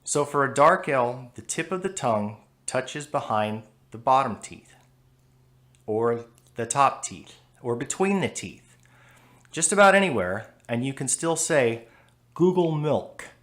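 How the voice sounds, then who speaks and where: A man's voice: mid-range voice, expressive, a bit bright. American man teaching pronunciation patiently. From United States. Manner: demonstrates sounds, measured and patient. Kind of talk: explanatory lesson with demonstrations.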